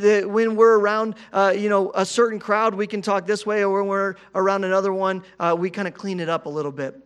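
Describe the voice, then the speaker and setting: A man's voice: high-pitched, clear, resonant tone. A man in his thirties preaching a sermon in a conversational way, often repeating words and asking "right?". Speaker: pastor.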